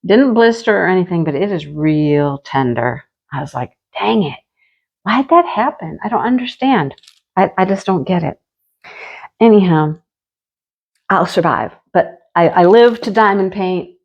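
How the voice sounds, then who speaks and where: A woman's voice: on the low side, a little mellow, dull audio. A woman hosting her own craft channel, chatting casually and telling rambling stories while she diamond paints at home. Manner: rambling, chatty storytelling with frequent "you know".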